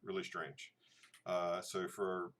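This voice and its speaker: A middle-aged man with a drawl and a deep, low voice talks casually to his viewers. He rambles, restarts his sentences and fills gaps with "uh" and "so". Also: little pitch movement, slow pace, heavy background noise. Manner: rambling, hesitant, many fillers and restarts. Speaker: channel host. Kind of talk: casual livestream chat showing photos.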